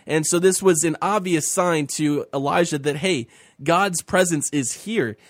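A man's voice: a little high, measured pace, no echo, studio quality. A man co-hosting a faith talk show, teaching a Bible story in conversation and acting out the speakers' lines with feeling.

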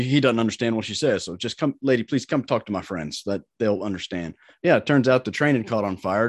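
A man in his middle pitch range hosts a podcast and chats easily, trading stories of his own with his guest. His voice is recorded dry and close. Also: no echo. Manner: chatty, trades his own anecdotes. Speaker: podcast host. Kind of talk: casual chat.

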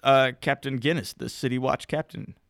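A man's voice: mid-range voice, moderate pace, creaky, dry recording, studio quality, lightly acted. A man voicing a sick, beaten male knight who answers in weak, sullen groans. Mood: miserable.

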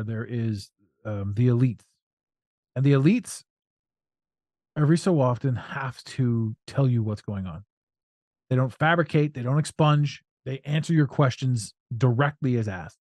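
A man hosts a loose, casual podcast and talks at a middle pitch. He tells stories in an animated way and slips into silly voices for a laugh. The recording is dry and close, with no room sound. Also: measured pace, pauses often, no room sound. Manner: animated, acts out voices and jokes. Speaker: podcast host.

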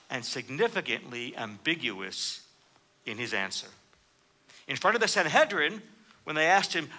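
Bright, lively-voiced male preacher. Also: sits high. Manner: animated, acts out quoted dialogue with rising emphasis. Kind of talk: sermon.

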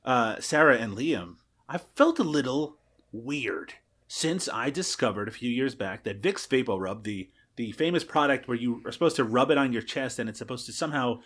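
A married man co-hosting a podcast, chatting in a dry, teasing way with many "uh" pauses. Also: medium pitch, lively intonation, a bit bright, breathy edge. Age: adult, married. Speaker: podcast co-host. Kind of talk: casual chat.

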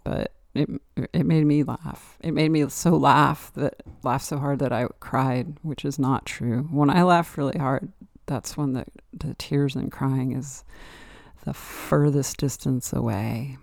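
Reflective woman with a gravelly voice. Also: a bass voice, steady tone, unhurried, a little mellow, no echo, clean studio sound. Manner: rambling and reflective, with many "like" and "you know" fillers. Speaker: podcast host. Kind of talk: casual solo podcast monologue.

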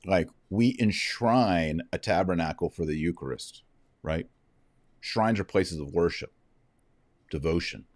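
A man's voice: low-pitched, unhurried, no room sound. A man giving heated, preachy opinion commentary, fiery and sarcastic.

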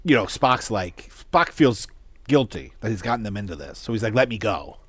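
Relaxed man co-hosting a podcast. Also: fairly low pitch, normal speed. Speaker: podcast co-host. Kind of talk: casual movie discussion.

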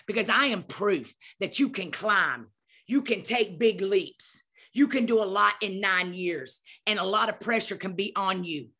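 A woman's voice: medium pitch, a little slow, a bit bright, husky. A middle-aged woman telling a story with emphatic, preacherly energy, acting out scenes as she goes. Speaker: podcast guest speaker. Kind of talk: animated storytelling.

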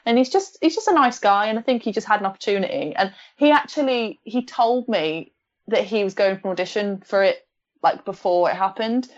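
A woman's voice: mid-range voice, a little fast. A young woman, chatting and laughing easily as guest host on a podcast. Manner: giggly, chatty. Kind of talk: casual chat. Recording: dull lo-fi audio.

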